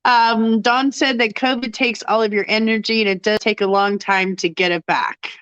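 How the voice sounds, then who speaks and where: A woman's voice: on the high side, fairly even intonation, moderate pace, a bit bright, smooth, no room sound. Chatty woman host, stuffy and worn out, laughs a lot, dull dry lo-fi sound. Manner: chatty, laughs often, reads viewer comments aloud. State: congested and tired from illness. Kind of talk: casual chat.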